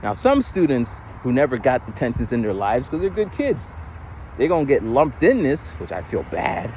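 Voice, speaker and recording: A man who works as a teacher, telling stories in a casual chat while walking outdoors, mimicking other people's voices with big jumps in pitch. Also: sing-song, normal speed, background noise. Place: outdoors on a street. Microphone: phone camera held while walking.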